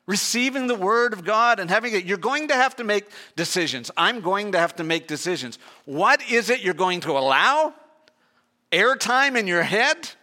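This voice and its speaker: An older male pastor delivering a sermon in a bright, forceful, slightly higher-pitched voice. He preaches earnestly, stumbles and restarts phrases, and throws rhetorical questions at the congregation. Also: expressive, normal speed.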